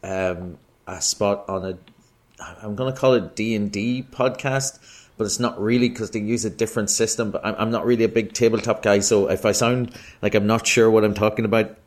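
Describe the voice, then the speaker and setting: Irish man with a lowish voice, a self-deprecating podcast guest who laughs easily. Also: steady tone, a little fast. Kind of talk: casual podcast chat.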